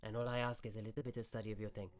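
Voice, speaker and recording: A man voicing an eccentric, guarded male wizard who talks in halting, oddly phrased speech. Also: on the low side, flat delivery, lightly acted. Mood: firm.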